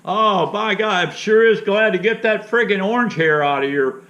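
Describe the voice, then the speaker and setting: A man's voice: high-pitched, moderate pace, fairly bright tone, voice pushed up. A man voicing his ninety-year-old friend, an exasperated, complaining old man. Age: 90s. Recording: roomy, dull lo-fi sound.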